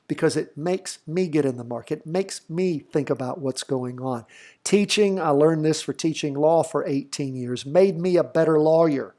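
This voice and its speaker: A middle-aged man with a slight Southern accent hosts a trading channel, offering casual market commentary over charts. His voice is fairly high and warm at normal speed, and he's folksy and chatty, thinking aloud with fillers.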